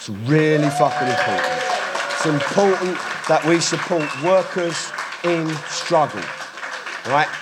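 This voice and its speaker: Comic working a club crowd live, fairly high voice, loud and profane, audible noise behind. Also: male voice, animated, measured pace. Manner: shouting, sweary, riffing with hecklers. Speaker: stand-up comedian. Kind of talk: live stand-up at a club gig. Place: live music club with audience.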